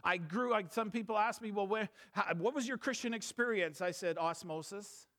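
A man in his thirties preaching a sermon, moving between quiet storytelling and fervent emphatic preaching. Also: high voice, moderate pace. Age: 30s.

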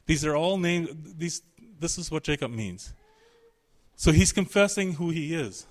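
A man's voice: a little high, expressive, unhurried. A man preaching a sermon, emphatic and searching, voicing the pleading of a biblical figure in his quotes.

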